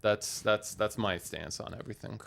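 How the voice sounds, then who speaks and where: A young man co-hosting a podcast, chatting casually and telling animated, profane stories. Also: lowish voice, moderate pace, creaky. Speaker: podcast co-host. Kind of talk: casual chat.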